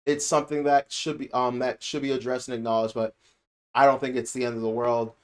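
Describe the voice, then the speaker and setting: A man gives a casual spoken review as the host of his own channel. His voice sits at an ordinary middle pitch, and he rambles, restarts and repeats phrases to hammer a point home. The tone stays conversational throughout. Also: level tone, a little fast, smooth. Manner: rambling, repeats himself, emphatic.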